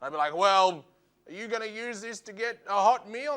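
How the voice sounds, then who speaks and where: High, bright-voiced comic. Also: male voice, clear, resonant tone. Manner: animated, acts out quoted voices, quick asides. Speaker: stand-up comedian. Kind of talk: stand-up routine.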